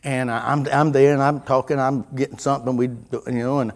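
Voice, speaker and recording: A middle-aged man, preaching a folksy sermon full of stories, dropping to a hush and then rising loud. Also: mid-range voice, level tone, brisk. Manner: folksy, storytelling, wide swings from hushed to loud.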